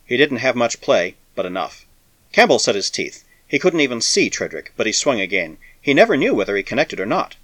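Man narrating with lively, dry delivery. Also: mid-range voice, a little fast, dry recording. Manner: dramatic, expressive reading. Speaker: audiobook narrator. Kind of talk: scripted narration of science fiction.

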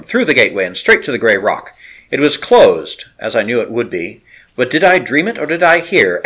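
For an audiobook, a man reads an old adventure novel aloud, his husky voice keeping the story vivid. His delivery is dramatic and expressive throughout, with pitch swinging widely as the suspense builds.

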